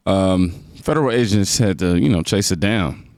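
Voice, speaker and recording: A man's voice: deep voice, expressive, moderate pace, a little mellow. A man hosting a reaction video, delivering sarcastic, mocking commentary on news clips.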